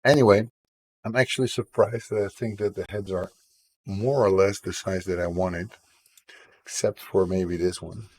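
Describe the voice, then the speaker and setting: Husky low-voiced man streaming live. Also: fairly even intonation, normal speed, a little mellow, rough recording. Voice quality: husky from a sore throat. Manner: self-deprecating, chats with viewers while drawing. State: sore throat. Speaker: game developer streaming his work. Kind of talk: casual live stream chat.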